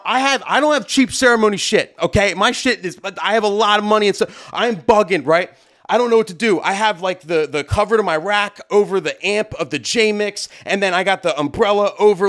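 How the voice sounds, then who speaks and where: Man, wedding DJ, fairly high voice, casual storytelling, excitable, rambling, lots of fillers. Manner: excitable, fast rambling with many fillers and "right?" tags.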